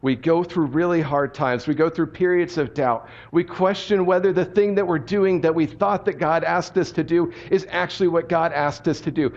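A man with a high voice preaches with lively, direct storytelling, talking to the room like a friend. The sound is dull and muffled, as if from a low-fidelity recording. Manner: animated storytelling, conversational and direct. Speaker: pastor. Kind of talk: sermon.

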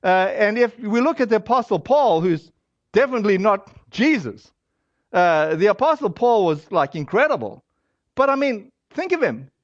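A man with a fairly high voice gives a conversational sermon in a casual, animated way, with many fillers, quick asides and acted-out quoted voices. The recording is very dry with no echo or room sound, and a little dull and lo-fi.

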